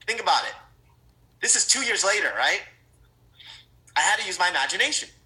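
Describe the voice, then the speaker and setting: A middle-aged man telling a story in a sales training talk. He is animated, often restarts and repeats words, and speaks straight to his audience. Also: high voice, fairly quick, rough recording. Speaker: network marketing trainer.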